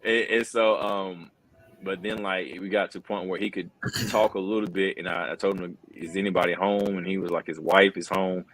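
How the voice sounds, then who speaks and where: A man's voice: low voice, steady tone, normal speed, fairly bright tone, low-quality recording. A middle-aged wrestling commentator, telling an earnest personal story in a casual interview, full of fillers like "bro" and "man.".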